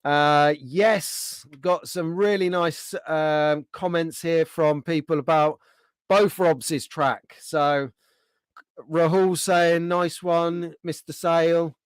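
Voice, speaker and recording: A friendly man hosts a casual livestream and chats easily with his viewers. His voice sits a little high for a man. The sound is dry and close, with no room around it. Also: fairly even intonation, slow pace, smooth, no echo. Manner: chatty, friendly, reads out viewer comments. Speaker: livestream host.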